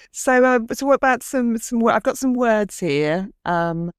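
A woman leads a relaxed conversation and quizzes her guest in a teasing way, with plenty of "um"s along the way. Her voice is dry and close, with no room echo. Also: a little high, clear, resonant tone. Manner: playful quizzing, hesitant fillers. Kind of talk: casual chat.

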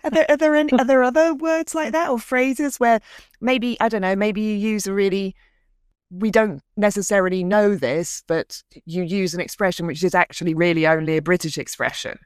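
A woman's voice: medium pitch, fairly even intonation, normal speed, clear, resonant tone, no room sound, clean studio sound. A woman hosting a podcast, asking curious, hesitant questions with many fillers. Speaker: podcast host. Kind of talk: conversational interview.

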